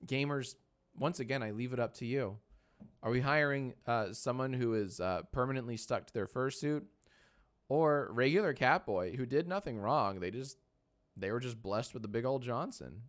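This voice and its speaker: An animated man in his thirties, medium in pitch and normal in pace, streams casually from his home editing room. Between jokes with chat and polls, he coos at his dog with soft baby talk.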